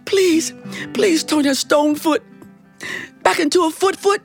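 A woman's voice: very high voice, slow pace, faint music behind, pitched above the performer's own voice, heavily acted. A woman voicing a plain, polite young commoner who pleads earnestly. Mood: pleading.

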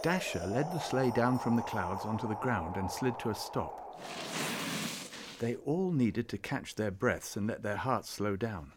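A man reading a storybook aloud in scripted narration, measured and gently expressive. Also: on the low side, heavy background noise.

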